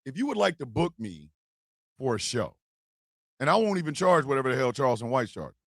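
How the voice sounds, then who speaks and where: A man's voice: medium pitch, sing-song, brisk, no echo. A man hosting a comedy podcast, ranting in a profane, mocking way with bursts of laughter, close on the mic. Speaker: podcast host. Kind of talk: comedic rant.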